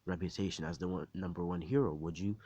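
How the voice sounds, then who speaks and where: A man voicing a cocky, defiant young male superhero who talks crude and taunting, in a low voice. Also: steady tone, quick pace, mellow, husky, no echo, highs cut off.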